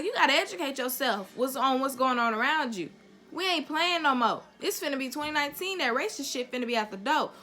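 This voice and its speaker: Blunt, bright-voiced young woman ranting. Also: high-pitched. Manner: blunt, profane, emphatic. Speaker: vlogger. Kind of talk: heated opinion rant to camera.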